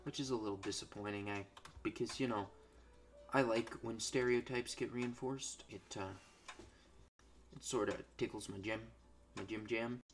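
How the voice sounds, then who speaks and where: A young man commenting on a strategy game in a crude, sarcastic way, swearing constantly and swinging from low mutters to loud outbursts at his units. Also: steady tone, moderate pace, pauses often, faint music behind. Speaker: gameplay commentator. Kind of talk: crude, ranting gameplay commentary.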